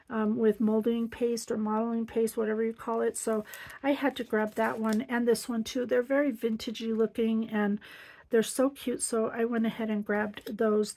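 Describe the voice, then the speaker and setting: A woman's voice: fairly high pitch, a little mellow, low-quality recording. A middle-aged woman chatting casually through a craft supply haul, gushing with lots of ums. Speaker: crafting vlogger. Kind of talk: casual show-and-tell haul.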